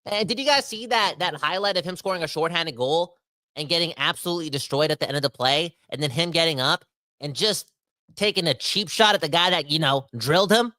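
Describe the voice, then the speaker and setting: A young man hosting a casual podcast, rambling and animated, swinging between fired-up outbursts and quieter asides. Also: fairly high pitch, fairly quick, no echo. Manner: rambling with frequent restarts and self-corrections. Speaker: podcast host. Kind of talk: casual ranting podcast talk.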